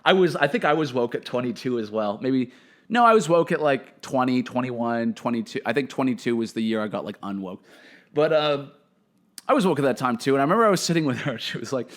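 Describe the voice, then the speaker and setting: A young man telling profane, animated stories as a podcast host, swinging between loud outbursts and muttered asides. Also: medium pitch, fast talker. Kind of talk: casual comedic storytelling.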